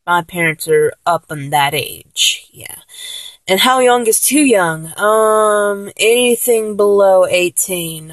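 A woman's voice: fairly low pitch, no room sound. A 24-year-old woman with a mature-sounding voice chats casually, rambling and joking as she answers a questionnaire. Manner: rambling, giggly, jokey. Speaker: solo vlogger answering a questionnaire. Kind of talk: casual chat.

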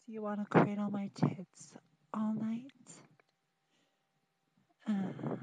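Young adult woman, intimate audio role-play, very slow unhurried delivery, soft teasing pleading manner, dry close-miked dull recording. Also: mid-range voice, level tone, no echo. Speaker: audio performer.

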